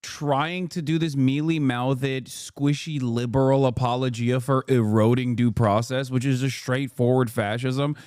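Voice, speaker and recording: A man's voice: mid-range voice, fairly even intonation, measured pace, hardly any pauses, a little mellow, clean tone, no room sound, studio quality. A man in his thirties commenting on a livestream, profane and heated, mocking with sarcastic mimicry and bursts of laughter. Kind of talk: reacting to clips and articles on stream.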